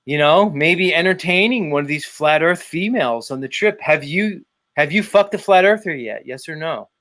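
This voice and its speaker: A man's voice: a little high, lively intonation, normal speed, fairly bright tone. A man hosting a casual podcast chat, swearing freely and goading a viewer in a ranting, profane way. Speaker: podcast host.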